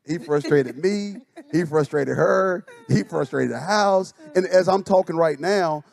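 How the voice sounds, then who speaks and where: Animated high-voiced pastor. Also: male voice, a little slow, creaky. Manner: animated storytelling, acts out quotes. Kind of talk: casual chat. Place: church stage.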